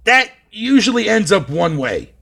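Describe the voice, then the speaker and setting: A man's voice: sits high, very animated, unhurried, creaky, a bit bright, breathy edge. A young man from Canada chatting on a live stream, reading his chat aloud with profane, mocking banter.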